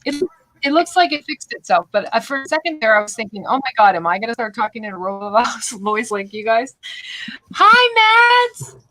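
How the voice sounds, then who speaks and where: A woman's voice: fairly high pitch, fast, a bit bright, no room sound, low-quality recording. A woman from Louisiana hosting an art stream, chatting effusively and laughing often over a video call. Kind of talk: casual video chat.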